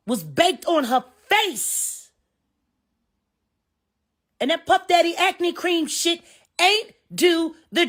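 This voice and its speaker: A middle-aged woman giving a heated, profane live stream rant that swings between sharp insults and weary muttering. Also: sits high.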